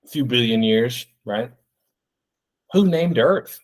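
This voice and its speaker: A man's voice: medium pitch, lively intonation, slow. A man parodying a smug male podcaster who asks mock-profound leading questions.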